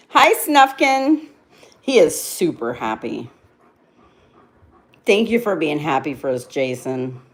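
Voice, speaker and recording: A woman's voice: deep voice, a little mellow. A middle-aged woman, chatting casually with viewers on a livestream and laughing often at herself. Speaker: livestream host.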